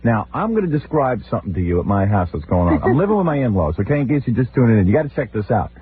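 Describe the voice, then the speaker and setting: A man's voice: medium pitch, very animated, very fast, a little hiss or hum. A middle-aged man hosting a radio show, telling comic stories about his family and mimicking their voices in exaggerated tones. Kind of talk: comic talk-radio storytelling. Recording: phone-like lo-fi radio archive.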